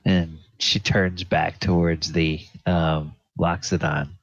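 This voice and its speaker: A man narrating as game master, slow and searching with many fillers. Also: low-pitched, level tone, no echo. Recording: dull lo-fi audio.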